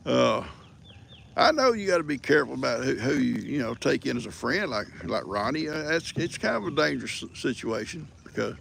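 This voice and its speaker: Older man, gravelly, slightly high voice, folksy teasing host. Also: pushed and bright. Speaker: livestream host. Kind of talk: casual rambling storytelling.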